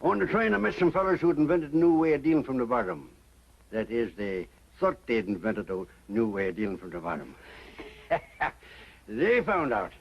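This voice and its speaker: An actor playing a loud, brash older grandfather from the West with a folksy drawl and cackling laughs, in 1940s film acting. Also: medium pitch, sing-song, normal speed, creaky, husky, exaggerated voice. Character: loud brash old western grandpa, rowdy. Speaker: boisterous grandfather visiting family. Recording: muffled old film soundtrack with hiss.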